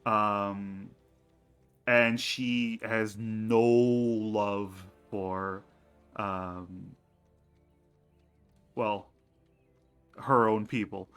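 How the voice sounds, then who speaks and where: A man acting as game master, explaining campaign lore in a halting way, with many fillers and restarts. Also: lowish voice, little pitch movement, a bit bright, clear, resonant tone, faint music behind.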